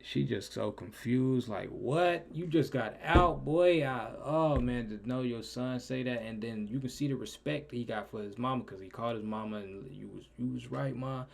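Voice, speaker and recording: A young man talks through a reaction video in loose slang, jumping from loud bursts to low mumbles. His voice has a heavy gravelly fry throughout and sits at an ordinary middle pitch. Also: normal speed, few pauses. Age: young adult. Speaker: reaction streamer. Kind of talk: casual reaction commentary.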